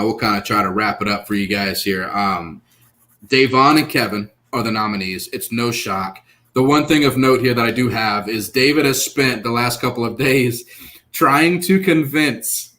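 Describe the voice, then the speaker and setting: A man co-hosting a casual online recap show, talking over a video call and acting out lines with lively energy. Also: mid-range voice. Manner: animated, acts out quotes, laughs. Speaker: podcast co-host.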